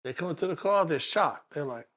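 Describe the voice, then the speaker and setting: A man's voice: a little high, fairly quick. A middle-aged man, a police detective telling a story in an interview and acting out the voices of the people in it. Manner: animated, acts out the voices of people in his story.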